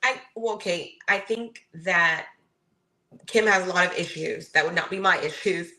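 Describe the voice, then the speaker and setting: Low bright woman weighing in on drama. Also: moderate pace, low-quality recording. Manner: thoughtful, sets out her personal rules. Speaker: podcast co-host. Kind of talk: casual reality TV recap.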